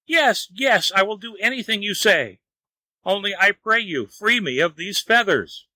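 A man voicing a terrified, lazy man who wails and pleads in a high, strained voice. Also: lively intonation, unhurried, sharp tone, no echo, full character voice. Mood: despairing. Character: wailing, terrified lazy man sprouting feathers.

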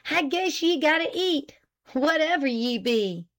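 Middle-aged farm wife, sharp and clipped, higher voice , read by a woman. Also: lively intonation, measured pace. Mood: curt. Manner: sharp, clipped, rustic dialect.

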